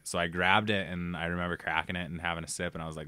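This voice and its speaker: A young man from Minnesota, a guest on a podcast, telling stories in an animated, casual way with many fillers. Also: low-pitched, fast, hardly any pauses, clear, resonant tone, dry recording. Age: young adult. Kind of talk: casual chat.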